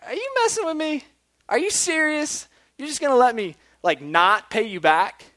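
Brief: giddy, boastful freed debtor, high and disbelieving, a man putting it on. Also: unhurried, no echo, studio quality. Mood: giddy disbelief. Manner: excited, disbelieving.

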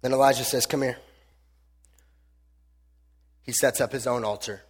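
A man preaching a sermon and telling the story in an animated, joking way. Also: mid-range voice, fast, breathy edge, in a large hall. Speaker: pastor.

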